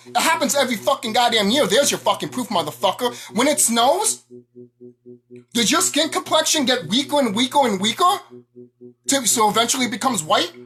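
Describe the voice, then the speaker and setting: Woman vlogger, heated profane rant, pitch swinging widely. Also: a bit bright. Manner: angry, profane, confrontational. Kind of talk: ranting monologue to camera.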